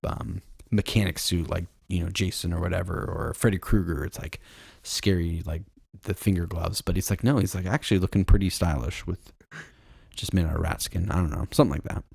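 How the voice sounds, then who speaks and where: Gravelly low-voiced man, rambling chat. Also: brisk, darkish tone, no echo, studio quality. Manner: rambling and giggly, many fillers and restarts. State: tired. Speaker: podcast co-host. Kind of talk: casual chat.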